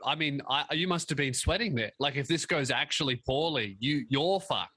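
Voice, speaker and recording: Bright-voiced man, laughing along. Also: mid-range voice, animated, husky, no echo. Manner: quick reactions, laughs a lot. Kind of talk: casual podcast chat.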